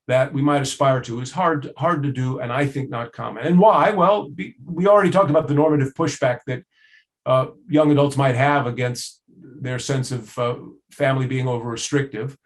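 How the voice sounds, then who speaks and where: Man lecturing in a conversational tone. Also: medium pitch. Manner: conversational, with frequent "uh" fillers and listing. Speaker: trainer. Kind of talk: recorded training lecture.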